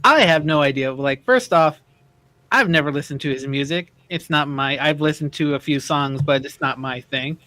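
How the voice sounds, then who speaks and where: Easygoing co-host with a dry, close sound. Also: male voice, a little high, moderate pace, bright, forceful tone, no echo. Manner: easygoing, chatty, with "like" and "um". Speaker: radio co-host. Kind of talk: casual talk radio chat.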